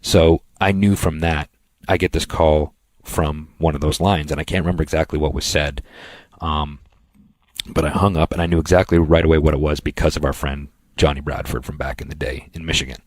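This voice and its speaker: A man co-hosting a podcast, telling long rambling anecdotes in a casual chat and slipping into quick impressions of other people. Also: a bass voice, steady tone, no echo. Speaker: podcast co-host.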